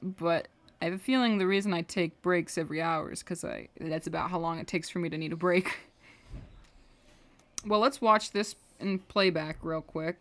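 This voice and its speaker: Young woman, lowish voice, casual rambling chat, mutters while drawing, swears casually, livestream. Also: normal speed. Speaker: animation livestreamer.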